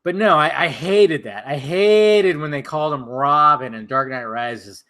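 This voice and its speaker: A man's voice: a little high, a little slow, a bit bright. A man hosting a casual drinking stream, rambling, swearing and laughing while he has the hiccups. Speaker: channel host.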